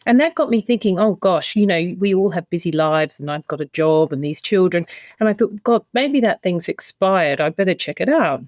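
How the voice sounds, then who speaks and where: A woman's voice: lowish voice, animated, normal speed, darkish tone, no room sound. Woman telling a candid story, dry sound. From Australia. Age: middle-aged. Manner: candid, emotional retelling with many quoted exchanges. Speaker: podcast guest. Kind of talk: conversational storytelling.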